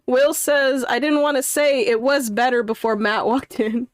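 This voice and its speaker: A woman streamer chatting casually on a live charity stream, excitable, laughing often and breaking into loud outbursts. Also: high voice, no echo, studio quality.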